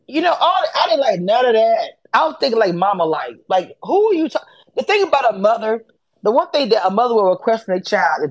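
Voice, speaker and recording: A woman hosting a casual live audio chat about reality TV, animated and sassy. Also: a little fast. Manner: animated, sassy, acts out quotes with swings in pitch. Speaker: host of a reality TV discussion space.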